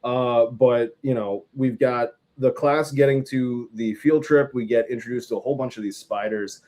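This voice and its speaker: A young man with an ordinary mid-range voice. He talks in an even, measured way and keeps pulling the chat back to the film at hand. His tone is relaxed and conversational. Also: medium pitch. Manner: measured, steers the talk back on topic. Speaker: co-host, film reviewer. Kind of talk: casual podcast chat.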